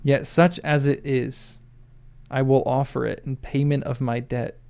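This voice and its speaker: A man reading a proud young male hobbit's lines aloud in his own gravelly voice, with stumbles and restarts. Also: medium pitch, fairly even intonation, unhurried, darkish tone.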